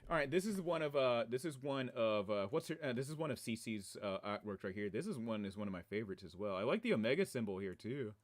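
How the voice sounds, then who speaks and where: A man chatting casually on his game livestream from a room at home, excitable and rambling, often breaking into laughter. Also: medium pitch, fast, few pauses. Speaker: game streamer.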